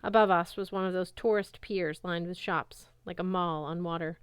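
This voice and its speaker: Clear-voiced woman reading a novel aloud. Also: fairly low pitch, moderate pace, no echo. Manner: lively first-person narration with character voices. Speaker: reader.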